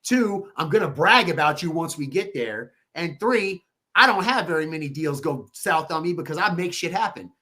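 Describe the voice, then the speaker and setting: A man telling stories as a podcast guest, animated and swearing freely, quoting people in lively voices. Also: a little high, normal speed. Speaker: podcast guest, real estate agent. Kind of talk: casual podcast interview.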